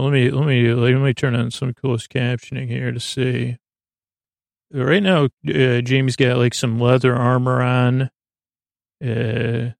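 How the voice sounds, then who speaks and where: A man's voice: mid-range voice, vocal fry, no room sound, studio quality. A man hosting a podcast, recapping a TV episode in a rambling, jokey way, often stopping himself mid-thought. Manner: rambling, self-interrupting, jokey, thinks aloud while checking the show.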